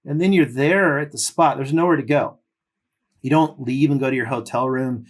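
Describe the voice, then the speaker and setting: This podcast guest, a middle-aged ex-professional surfer from California, speaks in a mid-range voice at normal speed. He tells long stories casually, relaxed and rambling with loose fillers.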